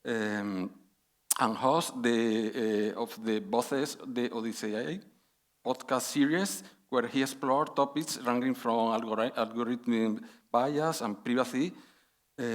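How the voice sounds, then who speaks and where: Man, session chair, reading an introduction, halting, conference hall. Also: mid-range voice. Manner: halting, many fillers and restarts.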